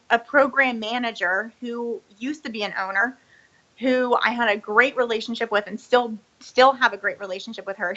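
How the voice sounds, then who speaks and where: A young woman with a bright, fairly high voice tells her story candidly, rambling with lots of "like" and "you know" and acting out the lines people said to her. The sound is a little dull and muffled. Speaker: former business owner telling her story. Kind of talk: candid interview testimony.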